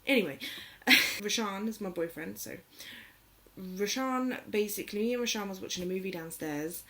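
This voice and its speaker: A woman's voice: medium pitch, normal speed. A young woman casually telling a personal story, rambling with lots of fillers and getting emotional. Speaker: vlogger.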